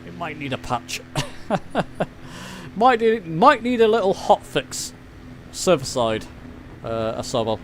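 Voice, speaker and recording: English male streamer, middle-aged, slightly high voice, chatty self-deprecating live commentary, faint noise in the background. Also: sing-song, slow, long pauses. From England. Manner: chatty, self-deprecating, reads chat aloud. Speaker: flight sim streamer.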